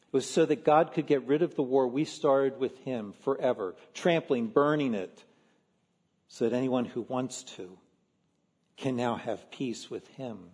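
A man, a pastor from Philadelphia, preaching a sermon in an earnest, measured way with slow emphatic stresses. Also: mid-range voice, a little mellow, slightly rough, big-room sound.

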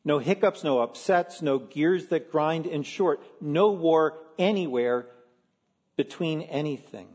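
Husky-voiced man preaching a sermon. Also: fairly high pitch, a little mellow, big-room sound. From Philadelphia. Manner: earnest, measured preaching with slow emphatic stresses. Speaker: pastor.

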